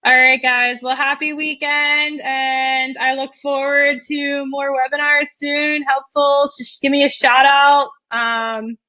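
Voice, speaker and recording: A woman's voice: sits high, little pitch movement, takes it slowly, few pauses, sharp tone, no echo, dull audio, soft background music. A young woman hosting a casual live webinar, chatty and full of ums and likes as she reads out viewer questions and answers them. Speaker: webinar host.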